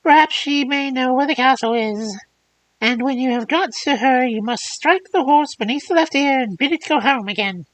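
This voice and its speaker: A woman voicing an old crone in a fairy tale, with a high, cracked voice. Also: normal speed, natural voice, poor audio. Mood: cryptic.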